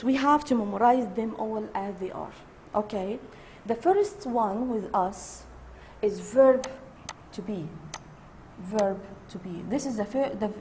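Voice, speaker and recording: Slow-talking woman teacher. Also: a little high, warm tone, a little hiss or hum. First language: Arabic. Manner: slow, repeats key words, switches into Arabic to explain. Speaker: English teacher. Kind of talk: online grammar lesson.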